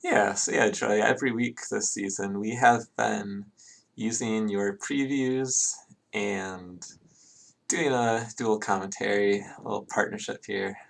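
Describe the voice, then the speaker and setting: Gravelly man doing chatty game commentary. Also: on the low side, steady tone, a little slow. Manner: chatty, conversational play-by-play. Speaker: esports commentator.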